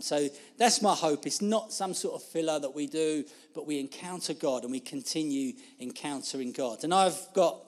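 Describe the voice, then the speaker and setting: A man's voice: a little high, a little mellow. A man, preaching an informal sermon in a chatty, self-deprecating way and laughing through his asides. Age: 50s.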